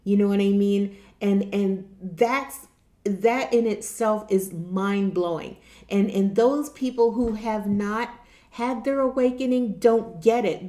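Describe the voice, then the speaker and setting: In this casual spiritual talk to camera, a woman vlogger discusses spiritual awakening earnestly, frequently restarting her sentences and repeating herself. Her voice is medium-pitched and mellow, her pace measured, and the sound roomy.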